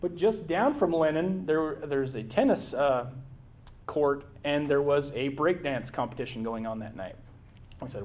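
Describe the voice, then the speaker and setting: A man's voice: on the high side, normal speed, darkish tone. A middle-aged American man giving a casual travel slideshow talk, rambling with many fillers and restarts. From United States.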